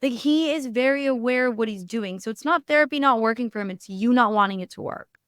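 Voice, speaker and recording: A young woman podcaster talks through her opinions in loose, casual chat, blunt and animated, swearing freely and filling with "like." Her voice is smooth and clear. The sound is close and dry, with no room around it. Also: a little high, fast talker, no echo. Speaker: podcast host.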